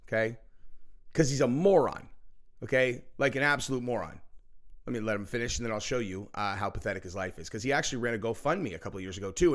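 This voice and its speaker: A man hosting a political commentary show, ranting in a heated, profane and mocking way, often acting out quotes. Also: mid-range voice.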